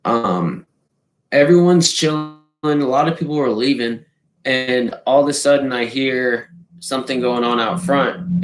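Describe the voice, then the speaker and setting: Profane animated man in a roomy space. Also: mid-range voice, a little hiss or hum. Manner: profane, animated, fond of sound effects. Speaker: storyteller. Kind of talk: casual anecdote. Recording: roomy echo.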